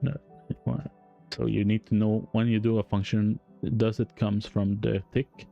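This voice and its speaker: A man with a French accent talks slowly through game code on a live stream, halting and correcting himself with small chuckles. His voice is low, mellow and gravelly. The audio sounds dull and lo-fi, with faint music underneath. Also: level tone. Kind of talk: live-stream coding explanation.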